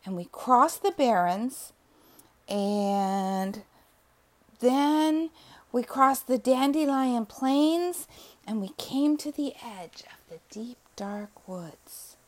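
A woman's voice: medium pitch, huge pitch swings, takes it slowly, full character voice. A woman voicing a tired, earnest little male lion cub in a bedtime story.

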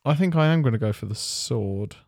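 A man's voice: medium pitch, animated, brisk, creaky, darkish tone, no room sound, studio quality. A man playing a tabletop game, laid-back and reasoning out tactics aloud. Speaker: player. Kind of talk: casual tabletop game chat.

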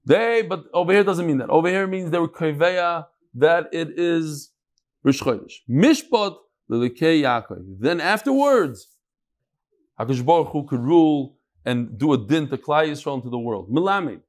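A man with a fairly high-pitched voice and lively intonation talks at a normal pace. He's giving a casual daily Talmud lesson to a live group in a room, chanting the Aramaic text, explaining it in chatty English and joking and bickering with his students.

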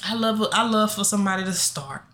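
A young woman co-hosting a podcast, chatting casually in a blunt, profane, animated way. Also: a little fast. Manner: blunt, profane and animated, with sudden pitch jumps. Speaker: podcast co-host. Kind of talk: casual chat.

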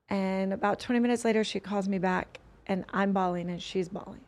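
A woman's voice: mid-range voice, fairly even intonation, a little fast, few pauses, darkish tone. A woman guest on a podcast, telling a personal story earnestly, rambling and restarting her sentences often.

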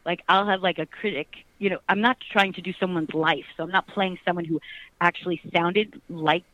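A middle-aged actress talking animatedly in an interview, laughing often and rambling with restarts. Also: female voice, fairly low pitch, steady tone, a little fast, fairly bright tone, dry recording, lo-fi sound. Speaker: actress, guest. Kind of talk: casual interview chat.

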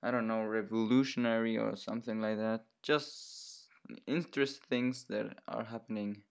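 A young man co-hosting a casual podcast, hesitant and halting as he talks. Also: fairly low pitch, steady tone, vocal fry, clean tone. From Germany and Chile. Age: young adult. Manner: halting, hesitant, restarts a lot. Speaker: podcast co-host.

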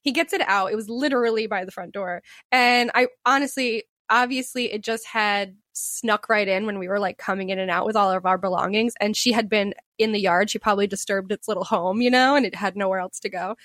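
A woman co-hosting a podcast, telling a story in casual chat, animated, swearing freely and laughing often. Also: mid-range voice, fairly quick, few pauses, no room sound, clean studio sound. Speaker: podcast co-host.

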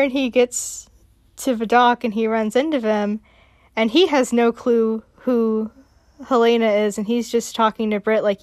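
A woman's voice: on the high side, darkish tone, no room sound. A young adult woman casually chatting on her podcast, giggly and rambling, with many fillers and restarts. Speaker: podcast host.

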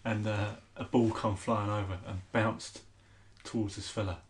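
A man hosting a poetry talk, chatting in a relaxed way and laughing easily. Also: lowish voice, normal speed. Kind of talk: casual chat. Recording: echoey room with faint noise.

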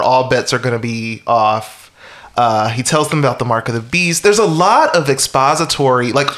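A man's voice: medium pitch, a bit bright. Wry, rambling man recapping a film. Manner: rambling, wry, with frequent chuckles and fillers. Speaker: podcast co-host. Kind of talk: casual chat recapping a film.

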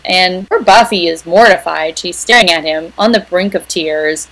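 A woman's voice: lowish voice, normal speed, hardly any pauses, a bit bright, low-quality recording. A woman co-hosting a podcast, casually recapping the plot of an episode scene by scene. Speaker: podcast co-host. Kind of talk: casual chat.

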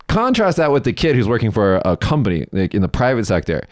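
A man's voice: mid-range voice, animated, quick pace, hardly any pauses, a little mellow, no room sound, clean studio sound. A man hosting a casual chat, telling stories bluntly with lots of swearing and acted-out quotes. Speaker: podcast host. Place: lives in Japan.

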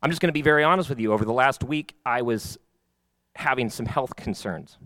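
A man's voice: mid-range voice, fairly quick, fairly bright tone, dry recording. A man pastor giving a sermon in a church, moving from chatty, self-mocking stories to fervent preaching. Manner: conversational, self-mocking storytelling.

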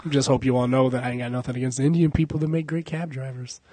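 A man's voice: mid-range voice, flat delivery, fast, dark tone, husky, dry recording. A young adult man hosting a casual podcast, joking, cursing and laughing a lot. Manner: profane, joking, laughs often. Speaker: podcast host.

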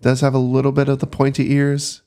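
Brief: male game master, mid-pitched voice, easygoing narration with pauses and fillers. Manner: relaxed, hesitant narration with many fillers.

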